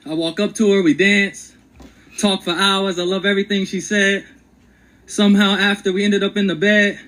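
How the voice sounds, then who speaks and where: A man's voice: high voice, level tone, normal speed, fairly bright tone, poor audio. A man performing a rhyming spoken word story with a rhythmic, dramatic delivery. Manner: rhythmic, dramatic storyteller who acts out quotes.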